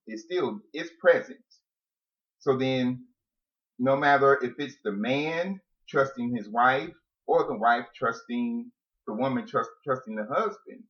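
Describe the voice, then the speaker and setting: A man's voice: medium pitch, a bit bright. A man co-hosting a casual chat with his wife, laughing often and laying out his points step by step. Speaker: podcast co-host. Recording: dull lo-fi audio.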